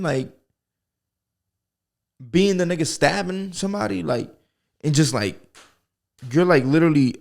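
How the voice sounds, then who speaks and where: A young American man hosts a solo comedy podcast, his slightly high voice carrying vocal fry. The monologue is casual and rambling, full of profanity, and he laughs at himself often.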